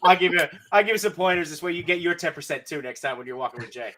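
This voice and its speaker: A man co-hosting a podcast, telling stories in an excited, casual way. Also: on the high side, racing. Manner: excited storyteller. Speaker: podcast co-host. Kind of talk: casual chat. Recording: noisy with clicks.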